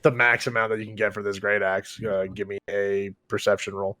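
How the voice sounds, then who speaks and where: A man's voice: on the low side, flat delivery, a little fast, pushed and bright, no echo. Chatty male dungeon master, dry close sound. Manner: casual, laughing often, loose and chatty. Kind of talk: narrating a tabletop game.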